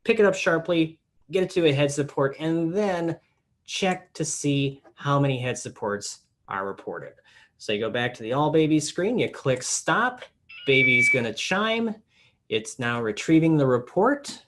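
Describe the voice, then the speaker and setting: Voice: medium pitch, expressive, a little slow, a bit bright. A product support trainer giving a casual, step-by-step instructional demonstration. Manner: step-by-step explaining, casual filler words.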